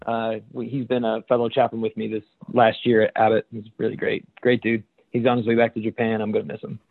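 A man's voice: on the low side, level tone, fast talker, gravelly. A man, a chaplain and podcast co-host, telling a story in casual chat and laughing as he goes. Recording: tinny phone-like line.

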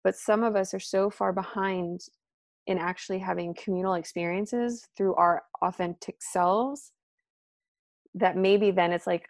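A woman talking casually as a podcast guest, animated and full of "like" and "um", acting out what her friends said. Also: moderate pace, no echo, studio quality. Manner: animated, acts out quoted friends with pitch jumps; filler-heavy, frequent "like" and "um". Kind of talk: casual conversation.

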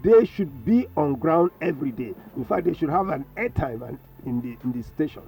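A man's voice: on the high side, expressive, a little fast, creaky, dark tone, breathy edge. A man, a professor speaking as a guest on a radio talk show, emphatic and preachy, repeating his phrases. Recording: distant mic with faint music.

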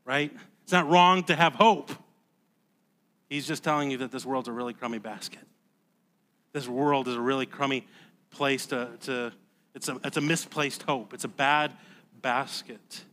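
A man preaching a sermon as pastor, conversational and emphatic, dropping to a hush and then rising loud, often repeating words. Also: mid-range voice, steady tone, moderate pace, pauses often, a little hiss or hum. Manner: emphatic, swings from hushed to loud.

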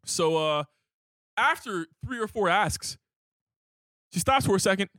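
A man co-hosting a casual podcast, an animated storyteller who swears freely and bursts out loudly. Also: sits high, measured pace, dry recording, studio quality. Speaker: podcast co-host. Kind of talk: casual chat.

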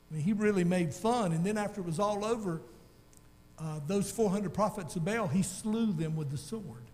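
Folksy preacher with a high voice. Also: male voice, normal speed, big-room sound. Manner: folksy, animated storytelling with calls to the congregation. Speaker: pastor. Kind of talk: sermon.

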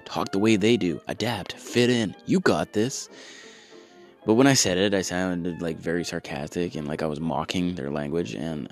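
A man telling a comedic story in a casual, rambling, self-mocking way, with profane sarcastic asides and frequent restarts. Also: low-pitched.

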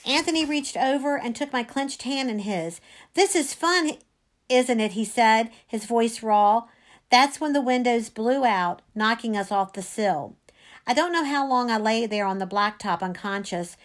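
A woman's voice: fairly high pitch, lively intonation, moderate pace. A woman, a teacher reading a novel aloud to a class, reading expressively and dramatically with small slips.

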